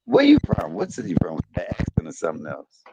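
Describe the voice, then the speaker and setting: A middle-aged livestream host with a deep, gravelly voice chats casually over noisy online stream audio. He talks fast with huge swings in pitch, sounds earnest, repeats himself and keeps breaking in with "hold up".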